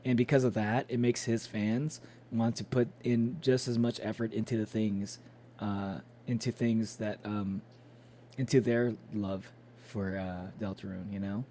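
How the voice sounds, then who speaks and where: A man's voice: on the low side, flat delivery, measured pace, warm tone, a little hiss or hum. A young man chatting casually with his live-stream chat, loose and swearing, with plenty of fillers.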